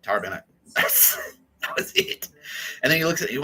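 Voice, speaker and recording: A man's voice: medium pitch, expressive, moderate pace, sharp tone, husky, rough recording. A man hosting a podcast, retelling a film in a casual, comedic way, swearing and laughing often. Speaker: podcast host.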